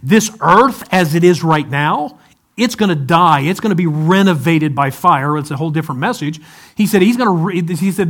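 High-voiced pastor preaching a sermon. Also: male voice, moderate pace. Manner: conversational, asks the congregation questions; animated, acts out quoted speech.

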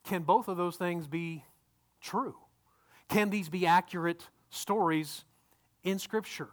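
Pastor guy with a higher voice, talking through a sermon casually, keeps asking the room stuff. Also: slow pace. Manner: conversational, repeats words, asks the congregation questions.

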